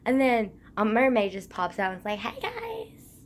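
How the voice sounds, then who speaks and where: Hoarse, croaky young woman vlogging. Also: medium pitch, brisk. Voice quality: scratchy rasp. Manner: rambling, swears often, heavy use of "like". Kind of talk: casual chat to camera.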